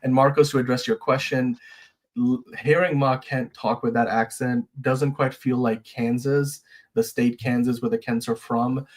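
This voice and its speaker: An easygoing man hosts a casual live stream in a voice of ordinary pitch. He reads out viewer comments and answers them in a relaxed, agreeable way, with plenty of fillers. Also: moderate pace. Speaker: show host.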